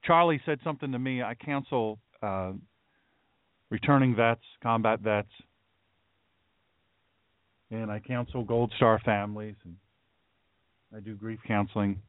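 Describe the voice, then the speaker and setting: A man's voice: fairly low pitch, measured pace, pauses often. A man hosting a talk radio show, speaking in a solemn, emphatic way and repeating phrases for weight. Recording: dry, narrow phone-like sound.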